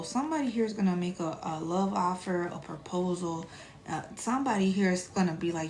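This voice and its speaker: A woman in her thirties chatting casually on a live stream as a spiritual reader, animated and profane, with laughing asides. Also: on the low side, normal speed, slight background noise.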